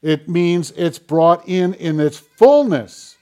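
A man preaching a sermon in an easy, conversational way, slipping into little acted-out exchanges. His voice sits a bit higher than most men's. He talks like a pastor walking a congregation through a passage. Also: animated, slow, mellow. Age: older. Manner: conversational preaching, acting out quoted dialogue.

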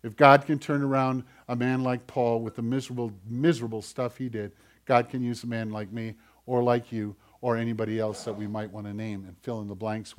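A man preaching a sermon in an animated way, swinging between loud bursts and quiet asides. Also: medium pitch. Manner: animated, acts out whiny voices, swings loud and soft. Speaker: pastor.

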